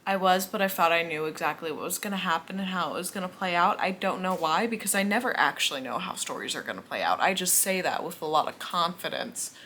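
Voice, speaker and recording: A woman's voice: lowish voice, fast, hardly any pauses, pushed and bright, slight background noise. Sleepy, chatty young woman vlogging late. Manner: chatty, self-mocking, yawning. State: sleepy, tired. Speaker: book vlogger. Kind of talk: casual late-night vlog chat. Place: at home indoors.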